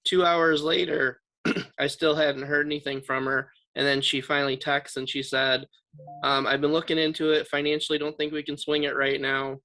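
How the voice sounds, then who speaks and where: A man in a team huddle recounts a client exchange with a bright, forceful tone. His delivery is blunt and fairly flat in pitch, quoting texts back and forth. It sounds like a video call. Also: normal speed, rough recording. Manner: blunt, storytelling with quoted texts. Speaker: insurance agent. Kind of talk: casual team meeting story.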